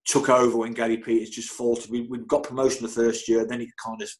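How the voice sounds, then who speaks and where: A middle-aged man, a football physio, telling anecdotes in an interview with lively energy, often stammering and repeating words. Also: medium pitch, quick pace, rough recording. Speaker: football club physio, guest.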